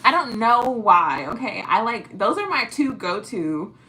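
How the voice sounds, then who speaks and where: A woman's voice: mid-range voice, big pitch swings, a little slow, sharp tone, a little hiss or hum, rough recording. A woman in her thirties chatting casually on a livestream at home, reading out viewer comments and laughing often. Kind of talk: casual live-stream chat. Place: at home, tidying up.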